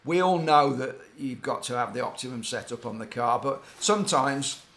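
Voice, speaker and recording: An older man recounts his years working with a racing team, speaking casually and wandering off into side stories. He pauses often and loses his thread, with a voice of ordinary middle pitch. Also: animated, a bit bright. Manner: rambling, digressive, hesitant. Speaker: former racing team mechanic telling stories. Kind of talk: casual anecdotal storytelling.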